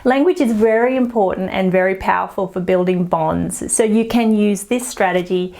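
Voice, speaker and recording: An Australian woman teaches an online English lesson in an encouraging tone. She models everyday phrases slowly and carefully. Her voice sits in a middle range. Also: mid-range voice, darkish tone.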